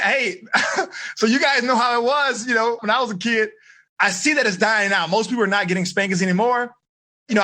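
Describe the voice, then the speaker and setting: A middle-aged man, a teen life coach, teaching a live online seminar in an energetic, questioning way. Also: high-pitched, slightly rough. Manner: energetic, asks questions, coaxing.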